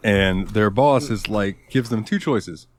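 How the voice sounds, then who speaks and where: A man co-hosting a casual gaming podcast, laid-back and hesitant, often clearing his throat. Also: fairly low pitch, measured pace. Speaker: podcast co-host.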